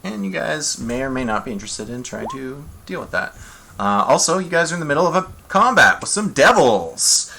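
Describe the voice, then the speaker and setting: A man's voice: a little high, very animated, a little fast, vocal fry, pushed and bright, slight background noise. A man running a tabletop game as game master, laid-back and chatty, on a desk mic.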